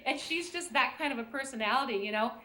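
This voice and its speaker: Brief: middle-aged American woman, bright-ish voice, chatty storyteller, echoey room. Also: high voice, fast. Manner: chatty, storytelling, laughs often. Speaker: guest, intuition teacher. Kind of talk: casual chat on a call-in show.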